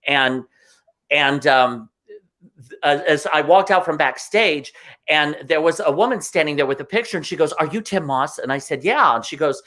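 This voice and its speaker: A man with a slightly raised pitch talks as a show guest. He tells his stories with excitement and feeling, and he puts on the voices of the people he describes. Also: moderate pace. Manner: excitable, emotional, acts out voices in anecdotes. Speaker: guest performer. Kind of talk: animated interview storytelling.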